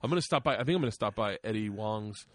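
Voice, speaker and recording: A man's voice: lowish voice, expressive, quick pace, no room sound, clean studio sound. A middle-aged man telling a story on a podcast in casual, profane talk, laughing often and acting out what people said. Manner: profane, laughing storyteller who acts out quotes. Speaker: podcast host.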